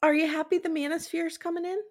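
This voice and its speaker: A woman's voice: very high-pitched, flat delivery, fast talker. A woman co-hosting a casual podcast, reading research notes aloud and stumbling over words now and then. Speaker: podcast co-host.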